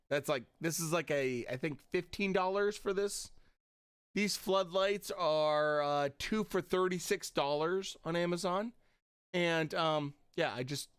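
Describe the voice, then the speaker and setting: A man's voice: fairly high pitch, a bit bright, clear, resonant tone, no room sound, studio quality. A man chatting casually on a live stream from his home setup, blunt and profane, getting riled up. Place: home streaming room with lit panel backdrop.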